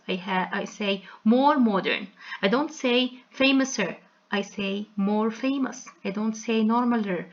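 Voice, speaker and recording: A woman teaching an English grammar lesson in a slow, explanatory way, spelling out word endings letter by letter. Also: on the high side, a bit bright, muffled recording.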